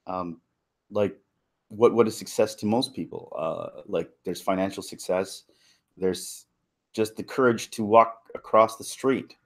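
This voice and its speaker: A man talking casually on a live stream, rambling and halting, with many fillers and restarts, laughing now and then between thoughts. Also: lowish voice. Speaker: YouTuber and impressionist.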